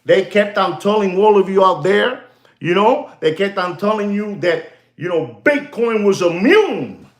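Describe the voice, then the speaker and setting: Male host, rambling streetwise monologue; high, very lively pitch. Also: a little slow, reverberant. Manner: animated, streetwise banter mixed with Spanish slang. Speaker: channel host.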